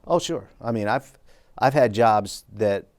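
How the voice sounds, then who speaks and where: A middle-aged man from Brooklyn speaks as an interview guest in a fairly low voice. He tells his story in a measured, reflective way, calmly acting out remembered exchanges. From Brooklyn, New York. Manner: measured, reflective, acts out quoted dialogue. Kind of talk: conversational storytelling.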